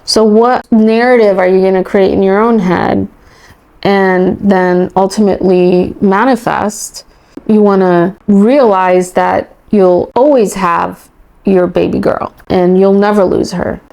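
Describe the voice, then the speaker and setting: A woman's voice: mid-range voice, steady tone, slow pace, creaky, darkish tone. A woman parent coach answering podcast interview questions in an emphatic, enthusiastic way, often acting out what parents and children say.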